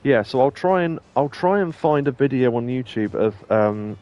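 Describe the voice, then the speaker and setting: A man streaming a game and chatting casually, rambling with many pauses and reading game lines aloud in playful voices. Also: medium pitch, lively intonation, highs cut off. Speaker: let's play streamer. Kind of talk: casual gameplay commentary.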